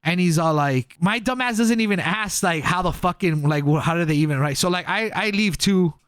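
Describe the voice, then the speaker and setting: A man's voice: sits high, a little fast, fairly bright tone, clear, resonant tone, no echo, clean studio sound. A young man, co-hosting a podcast and telling a rambling story full of fillers and swearing. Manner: rambling, heavy filler and profanity, acts out quotes. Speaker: podcast co-host. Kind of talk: casual storytelling.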